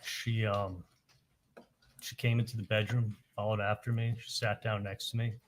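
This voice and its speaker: A man on the witness stand, recounting events haltingly and quoting the dialogue in detail. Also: fairly low pitch, flat delivery, a little hiss or hum. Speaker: witness testifying at a trial. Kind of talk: courtroom testimony.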